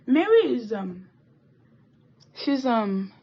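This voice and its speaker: Teenage girl, rambling story time, fairly high voice, husky. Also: very slow, lo-fi sound. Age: teens. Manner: rambling, animated storytelling with swearing and asides. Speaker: vlogger. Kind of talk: chatty get-ready-with-me story time. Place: indoors doing makeup.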